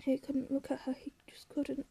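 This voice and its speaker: Woman narrating in a high, mellow voice. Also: completely flat delivery, creaky, whispered. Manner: quiet, measured, unhurried storytelling. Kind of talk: audiobook reading.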